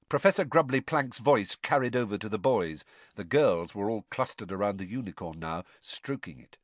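An expressive man reading a storybook aloud, his voice moving lively up and down at a middling pitch. The sound is dry and close. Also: moderate pace, no echo. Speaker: audiobook narrator. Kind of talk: audiobook narration.

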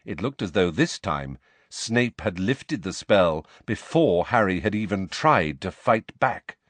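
A man reads a novel aloud with measured, expressive storytelling. His pitch moves a great deal. The sound is dry and close. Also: dry recording. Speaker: audiobook narrator. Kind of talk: scripted narration.

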